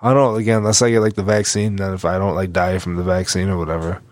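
Low-voiced man, rambling and chuckling. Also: little pitch movement, fast, dry recording. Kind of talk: casual chat.

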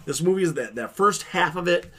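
Upbeat man with a slightly high voice. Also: expressive, pushed and bright. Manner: enthusiastic, jokey, quick to laugh. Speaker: podcast co-host. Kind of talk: casual chat.

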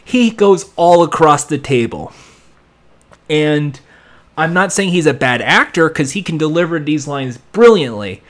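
A man's voice: on the high side, a little slow. A man rambling through a casual recap of a TV episode, acting out lines as he goes. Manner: rambling, animated, acts out lines. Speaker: TV episode reviewer.

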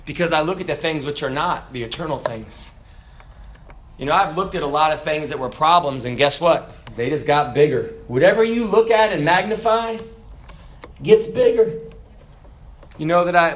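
A man preaching a sermon, animated, swinging from loud shouted peaks to soft low asides.

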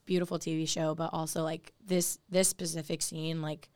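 A woman's voice: deep voice, level tone, normal speed, a little mellow, no echo. A young woman co-hosting a casual podcast, talking earnestly with lots of "like" fillers. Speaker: podcast co-host. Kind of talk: casual faith podcast chat.

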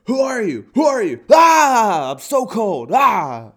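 A man voicing a tiny, panicky male chihuahua, yelping and shouting shrilly with a stuffy cold. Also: high-pitched, huge pitch swings, takes it slowly, pitched above the performer's own voice, full character voice.

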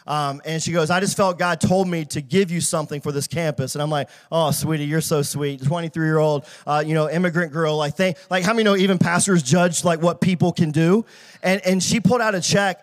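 High-voiced preaching pastor, man. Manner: storytelling, rising to shouted praise. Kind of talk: sermon.

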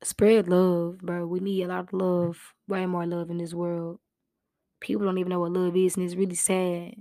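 A woman's voice: fairly low pitch, flat delivery, normal speed, warm tone, no echo, studio quality. A young woman hosting her own podcast, giving heartfelt motivational talk in casual, slang-filled speech. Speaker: podcast host.

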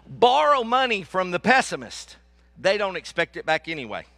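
A male pastor preaching a sermon, animated and joking, repeating lines for emphasis. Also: sits high.

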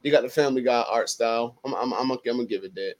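A man's voice: medium pitch, fast talker. A young man in casual group chat on a cartoon podcast, joking and repeating punchlines.

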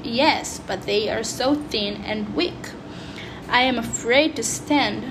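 A sickly young boy who is eager and demanding, read out by a woman. The delivery is slow and slightly high, with small restarts. Steady background noise sits behind it. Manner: read-aloud dialogue with restarts.

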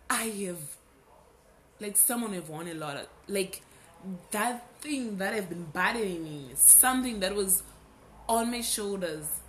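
A young adult woman hosting a podcast, telling a personal story in a casual, animated way and repeating words for emphasis. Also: medium pitch, a little slow, slight background noise. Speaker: podcast host.

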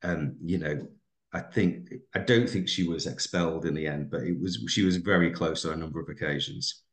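A man's voice: rumbling low, moderate pace, roomy sound. A man, a teacher and podcast co-host, talking in a reflective, rambling way with many fillers. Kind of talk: casual podcast chat.

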